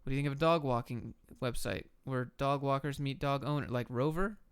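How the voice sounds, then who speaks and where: A young man answering viewer chat questions on a live stream, giving quick, blunt, offhand answers. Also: mid-range voice, clean tone, dry recording. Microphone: camera and desk mic.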